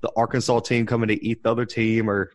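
A young man, co-hosting a casual sports podcast and launching into animated, worked-up rants. His pitch is right in the middle for a man. The sound is dry and close to a desk mic. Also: fast talker, no room sound. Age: young adult. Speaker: podcast co-host. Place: home setup, rolling desk chair. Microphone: desk microphone.

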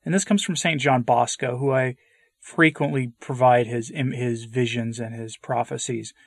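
A man's voice: mid-range voice, fairly even intonation, normal speed, no room sound, clean studio sound. A man reading an old sermon aloud in an earnest, devotional way, pressing hard on key phrases. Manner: fervent, rising emphasis on key phrases. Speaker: reader of spiritual texts.

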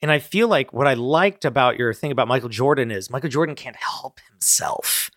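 A man in casual chat, animated and profane, acting out characters' lines as he brainstorms a story. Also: medium pitch, fairly quick, no echo, clean studio sound.

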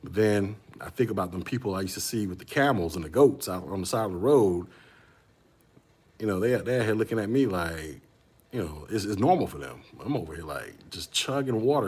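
Husky laid-back man telling stories. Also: fairly low pitch, expressive, moderate pace. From Central Florida. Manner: rambling storyteller, slangy, addresses chat as y'all. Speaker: tech podcast host. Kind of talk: casual livestream chat.

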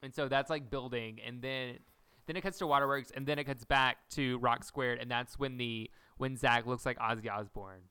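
Animated young man with a smooth voice. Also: medium pitch, moderate pace, no room sound. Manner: animated storyteller acting out quotes. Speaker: podcast co-host. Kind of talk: casual chat recapping a TV episode.

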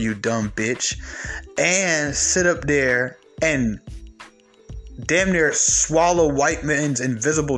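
A fired-up man holds forth alone on his podcast, his voice sitting a little high for a man. He rants with a lot of swearing and breaks into loud, forceful bursts. Soft music plays faintly behind him. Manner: heated, profane ranting with sudden loud emphatic peaks. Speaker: podcast host. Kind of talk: solo podcast monologue.

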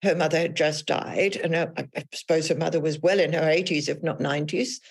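A woman author as an interview guest, talking thoughtfully about her experiences in a measured, reflective way. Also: sits low, steady tone, creaky, breathy edge. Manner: thoughtful, measured, with frequent restarts. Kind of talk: reflective podcast conversation.

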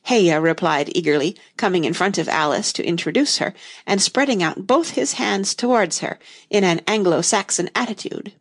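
A woman reading a storybook aloud in an expressive, measured way. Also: fairly low pitch. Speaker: narrator.

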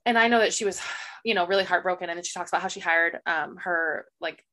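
A woman's voice: lowish voice, quick pace, bright, forceful tone. A woman co-hosting a casual book podcast, giving candid opinions. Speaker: podcast co-host.

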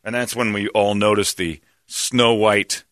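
A man's voice: on the low side, a little slow, dry recording, clean studio sound. A man hosting a talk show, telling a story in casual chat and animatedly acting out what others said. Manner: animated, acts out quotes of others.

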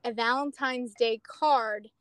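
A woman police officer telling a story in a casual chat over a remote call, animated and full of fillers. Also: a little high, slow pace, smooth, dry recording, low-quality recording.

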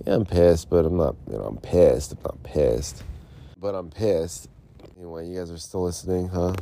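A man's voice: deep voice, vocal fry, warm tone. A man hosting a solo podcast, rambling and frustrated, mumbling and repeating himself. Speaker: podcast host. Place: Arizona.

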